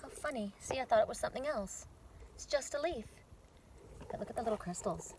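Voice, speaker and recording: A woman's voice: fairly high pitch, lively intonation, a little fast. A woman in her fifties doing a casual oracle card reading outdoors in a windy mountain forest, chatty and rambling with frequent repeats. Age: 50s.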